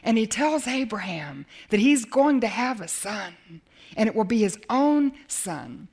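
A woman preaching a sermon as a Bible teacher, dramatic, swinging from emphatic lines to hushed ones. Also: a little high, very animated, unhurried.

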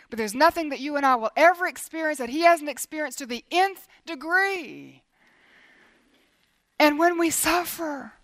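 A middle-aged woman preaching a sermon in an earnest, lively way, moving between emphatic lines and hushed ones and repeating phrases for emphasis. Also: high voice, dry recording.

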